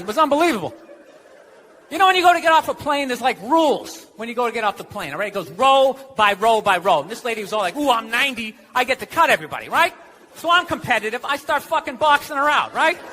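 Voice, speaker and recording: Here a sharp-toned American man with an extremely high-pitched voice performs stand-up in a club. He rants sarcastically and swears often, while the audience laughs over the background noise of the room.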